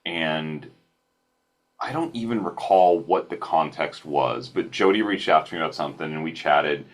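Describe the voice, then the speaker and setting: A man guest on a podcast, telling stories casually over a remote call, animated and self-deprecating with frequent restarts. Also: a bass voice, normal speed.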